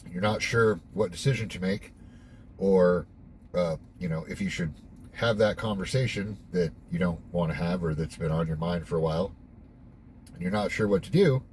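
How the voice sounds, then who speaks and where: A man's voice: low voice, darkish tone, a little hiss or hum. A young man hosting a casual devotional monologue, candid and reflective, who swears offhandedly. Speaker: host.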